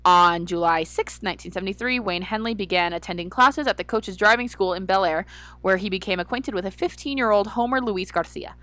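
A woman's voice: mid-range voice, fairly quick, fairly bright tone, no room sound. A woman co-hosting a casual podcast, teasing and blunt, who also reads out true crime notes. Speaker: podcast co-host.

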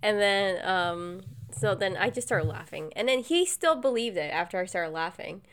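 Young mom telling a funny story, mid pitch, gets super animated with the voices. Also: female voice, moderate pace. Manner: animated storyteller, jumps to high acted voices. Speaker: co-host. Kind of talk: casual chat.

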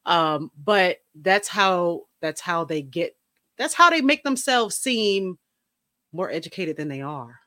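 A woman's voice: lowish voice, lively intonation, takes it slowly, sharp tone, dry recording, clean studio sound. A woman hosting a casual podcast chat, dropping short interjections and sassy teasing remarks. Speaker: podcast host.

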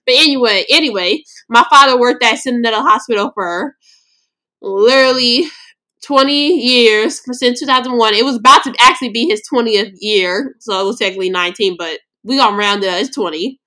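A woman's voice: a little high, brisk, sharp tone. A young woman from Los Angeles hosting a podcast, telling a personal story in a blunt, slangy, emotional way. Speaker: podcast host.

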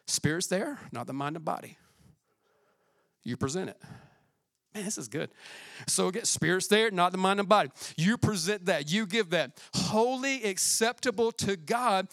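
A young man gives a relaxed, slang-filled sermon and presses his points with emphatic repeats. His voice is very high and bright, almost sharp. The recording is dry, with almost no room sound. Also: a little slow, dry recording. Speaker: preacher. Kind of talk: casual sermon.

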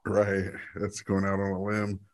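A man hosting a comedy podcast, trading jokes and quick comebacks in casual banter. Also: low voice, monotone, slight background noise. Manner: joking, quick interjections, laughs often. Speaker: podcast host.

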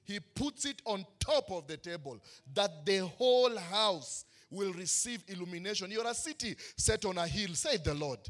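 A man preaches, his voice high and bright. He poses question after question and answers them emphatically, the way a pastor drives a sermon home. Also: animated, normal speed, few pauses. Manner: preaching with rising emphatic questions and call-and-response.

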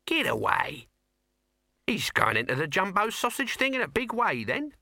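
A man's voice: sits high, wildly swooping pitch, normal speed, vocal fry, sharp tone, no echo, studio quality, pitched above the performer's own voice, exaggerated voice. A man voicing a sly, scruffy male city watch corporal with slangy, raised speech.

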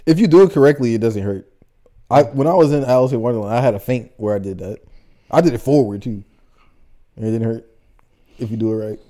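A man's voice: medium pitch, quick pace, long pauses. A young man co-hosting a podcast, casually and animatedly retelling a play he acted in, with lots of "like" fillers. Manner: animated storyteller, many "like" fillers. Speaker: podcast co-host. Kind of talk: casual chat, recapping a play.

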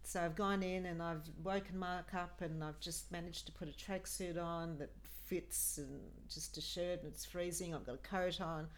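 A woman's voice: lowish voice, fairly even intonation, normal speed, hardly any pauses, slight background noise. A middle-aged woman, a guest recounting a personal story in a podcast chat, earnest and acting out what people said. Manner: earnest, acts out quoted speech. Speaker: guest, mother of a host.

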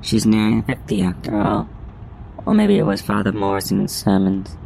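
A man narrating a first-person detective story in a measured, deadpan way. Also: on the low side, gravelly, slight background noise, rough recording.

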